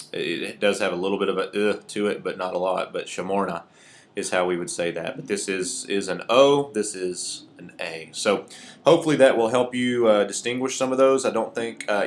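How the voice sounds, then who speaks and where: A man's voice: on the low side, slight background noise. A man giving a recorded Hebrew grammar lecture at a whiteboard, explaining patiently with frequent ums and uhs. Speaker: Hebrew teacher.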